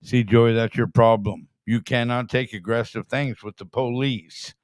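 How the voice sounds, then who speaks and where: A man's voice: medium pitch, steady tone, unhurried, clear, resonant tone, dry recording, studio quality. A man hosting a casual chat show, blunt and swearing freely. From California. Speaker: show host.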